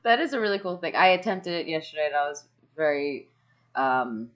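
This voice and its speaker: A woman's voice: low voice, a little fast, muffled recording. A woman hosting a casual video call from home, telling stories with laughs and the odd swear. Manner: animated storytelling with laughs and swearing. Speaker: streamer host. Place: home room with cats. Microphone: home streaming mic on a video call.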